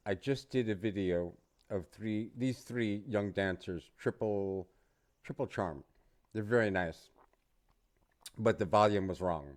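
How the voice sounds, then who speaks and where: A middle-aged man teaching English phrases to learners, repeating each phrase slowly and casually. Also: lowish voice, a little mellow. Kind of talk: casual online English lesson.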